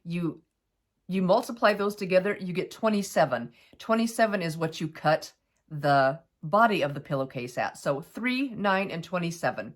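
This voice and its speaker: Middle-aged woman, sewing tutorial host, lowish voice, chatty, upbeat, walks through steps. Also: expressive, moderate pace. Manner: chatty, upbeat, explains step by step. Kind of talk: casual craft tutorial.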